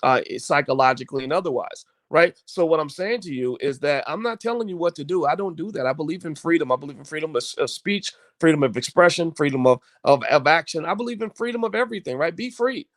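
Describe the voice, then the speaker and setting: This man hosts his own online show, offering opinionated commentary to viewers in an emphatic, preachy style, often repeating words and starting over. His voice is a little high and expressive, moving at a quick pace with hardly any pauses. The recording is dry.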